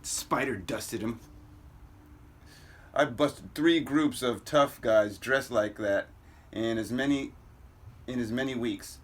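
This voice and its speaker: A man reading a comic aloud, voicing a weary, worried teen boy superhero in a low, subdued inner monologue. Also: takes it slowly, pauses often. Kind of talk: comic book read-aloud.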